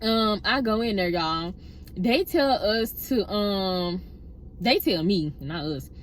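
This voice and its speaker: A young woman casually telling a personal workplace story, chatty and animated, often addressing listeners directly. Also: medium pitch, takes it slowly, a little hiss or hum. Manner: animated retelling with acted-out quotes.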